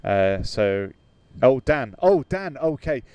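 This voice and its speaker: A man from the UK hosts a casual flight sim livestream. His voice is smooth and clear, and he sits at a middle pitch. He fills his talk with ums and uhs, reads viewer comments aloud and laughs easily. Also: very animated, takes it slowly, darkish tone, dry recording. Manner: hesitant, many fillers, reads out chat, laughs easily.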